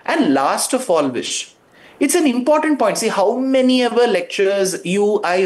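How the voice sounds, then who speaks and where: A man's voice: high voice, animated, normal speed. A man, a guest giving fervent, emphatic commentary on a talk show.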